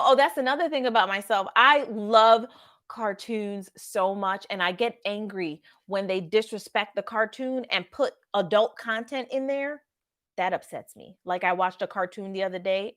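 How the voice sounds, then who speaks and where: Bright, chatty woman vlogger. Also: medium pitch. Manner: chatty, laughing, talks to viewers. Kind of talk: casual chat.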